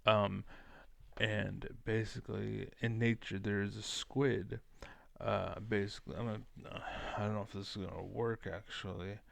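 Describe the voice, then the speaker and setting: A man's voice: lowish voice, flat delivery, moderate pace, vocal fry, a bit bright, no echo. A man ranting casually, rambling and profane, with many fillers. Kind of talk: casual rant to camera.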